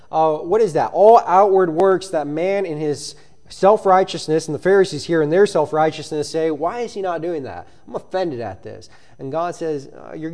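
A man preaches a sermon, reading verses in old-fashioned scripture wording and explaining them earnestly. His voice is mellow and dark in tone, sitting slightly high for a man.

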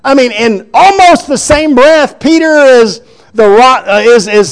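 A man preaching a sermon, retelling scripture in an animated, chuckling storytelling way. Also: very high-pitched, normal speed.

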